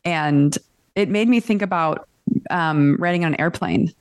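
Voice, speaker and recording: Woman, podcast co-host, lowish voice, candid storyteller, dry close mic. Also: measured pace, clean tone, no echo. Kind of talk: casual book club chat.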